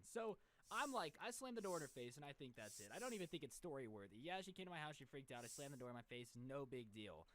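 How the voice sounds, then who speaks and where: A man's voice: medium pitch, sing-song, quick pace, fairly bright tone, dry recording. A man in his twenties telling a story-time vlog in an exasperated, ranting way. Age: 20s.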